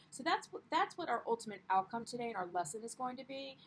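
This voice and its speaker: A woman's voice: on the high side, expressive, brisk, a little hiss or hum, rough recording. A young woman teaching a primary class, upbeat and encouraging, with frequent ums as she explains the lesson. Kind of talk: classroom read-aloud lesson.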